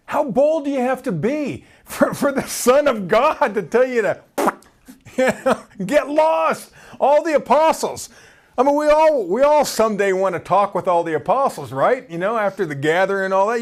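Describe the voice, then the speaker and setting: A man preaching a sermon in an animated way, asking his listeners questions and laughing between points. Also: high-pitched, normal speed.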